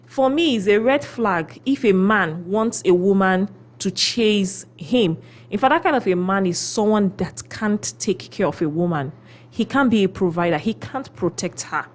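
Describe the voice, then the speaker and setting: A woman hosting a radio advice segment, her voice sitting at an ordinary middle pitch. She talks through her points in a lively way and acts out quoted people as she goes. She keeps checking in with her listener by asking "okay?". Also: normal speed. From Philippines. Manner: animated storyteller, acts out quotes; often adds "okay?" to check in. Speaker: radio host giving relationship advice. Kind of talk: radio talk show advice.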